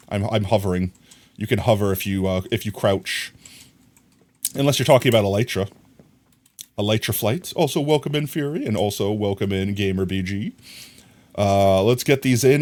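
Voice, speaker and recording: A man with a fairly low, slightly mellow voice streams a block-building game, casually chatting with viewers and greeting them as he builds. He reads and answers chat and hums "bam bam" to himself in this relaxed live commentary.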